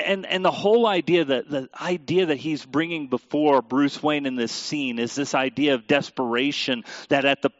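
A man's voice: medium pitch, no room sound, dull audio. A man preaching a sermon in a conversational way, with joking asides to the congregation. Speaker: pastor.

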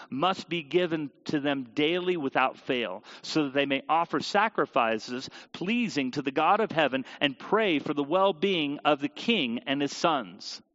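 A man preaching a sermon and reading scripture aloud, animated and sometimes tripping over hard names. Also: fairly high pitch. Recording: dull audio with long hall reverb.

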